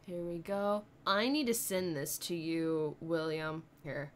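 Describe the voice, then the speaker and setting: A woman's voice: deep voice, fairly even intonation, takes it slowly, slight background noise. A young woman streaming a game, rambling, giggling often and answering her chat. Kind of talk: casual live-stream chat while gaming.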